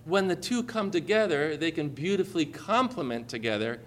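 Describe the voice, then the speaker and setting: A man's voice: on the high side, lively intonation, moderate pace, fairly bright tone, a little hiss or hum. A man preaching a sermon to a congregation in a church, joking and calling for amens. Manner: jokey, calls for amens from the congregation. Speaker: pastor.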